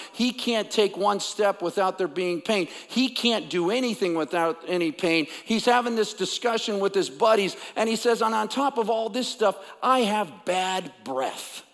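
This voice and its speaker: A man's voice: sits high, a bit bright. A man preaching a sermon as a pastor, conversational and then emphatic, sometimes dropping to a whisper. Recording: long hall reverb.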